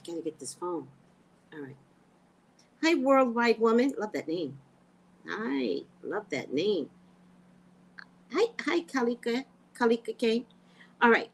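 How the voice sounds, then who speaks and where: A woman talks straight into her live stream, her pitch swinging widely as she vents. Her delivery is exasperated and profane, casual and conversational, and she breaks off to greet viewers. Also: moderate pace, poor audio. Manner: animated, profane, exasperated storytelling. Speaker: live stream host, tarot reader. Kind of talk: casual livestream rant.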